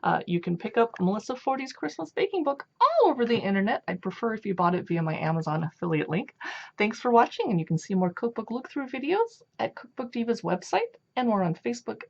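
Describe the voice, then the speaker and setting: A woman's voice: on the high side, big pitch swings, brisk, creaky, a little mellow. Chatty lady flipping thru a cookbook, voice all over the place, kinda dull lo-fi sound. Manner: chatty, gushing, thinks aloud. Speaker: cookbook reviewer. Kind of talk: casual flip-through commentary. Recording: dull lo-fi home video audio.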